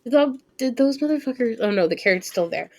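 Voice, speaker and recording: Talking quickly in a voice on the high side, a woman in her twenties streams and comments on her gameplay live. She thinks out loud and chats, punctuated by excited squeals and casual swearing.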